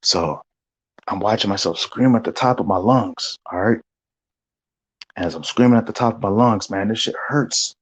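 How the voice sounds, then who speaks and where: Husky man recounting a vision, low-voiced. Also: moderate pace, low-quality recording. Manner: animated storytelling with reenacted gasps and shouts. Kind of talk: vision testimony.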